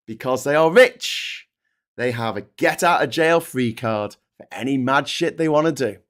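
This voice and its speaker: A man's voice: medium pitch, lively intonation, measured pace, fairly bright tone. A man ranting in political commentary, sardonic and profane.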